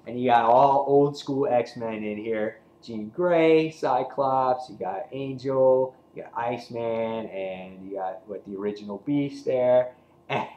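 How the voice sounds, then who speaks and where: A man casually reviewing a comic book, excited and rambling, with lots of fillers and restarts. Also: mid-range voice, roomy sound, poor audio.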